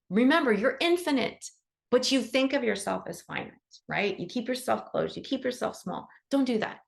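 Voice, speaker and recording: Chatty woman with a creaky voice. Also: a little high. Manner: chatty and animated, acts out quoted dialogue; motivational, affirming. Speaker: animal Reiki teacher hosting a support call. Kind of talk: casual encouraging talk on a group call.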